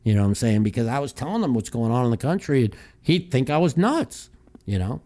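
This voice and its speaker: A man's voice: medium pitch, very animated, fairly quick, mellow. Profane, heated man ranting on a podcast. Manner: restarts and repeats himself. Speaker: podcast host. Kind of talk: casual call-in chat and rant.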